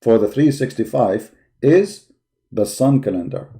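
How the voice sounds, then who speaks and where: A male host of a live call-in debate stream speaks a little slowly in a medium-pitched, dark, expressive voice. Tired-sounding, he offers combative commentary while searching a website, ridiculing and insulting opponents with emphatic repetition.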